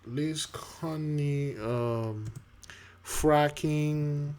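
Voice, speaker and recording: Halting, preachy male commentator. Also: a little high, a little mellow, smooth. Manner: halting, many fillers and restarts, reads news aloud; preachy, addresses listeners as beloved. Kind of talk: casual spoken commentary.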